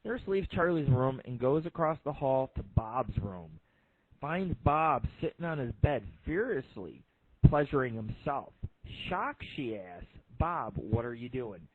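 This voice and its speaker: A man's voice: medium pitch, very animated, a little slow, no echo. A man hosting an internet radio show, telling crude jokes in a rambling, profane monologue full of fillers. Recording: phone-like lo-fi line.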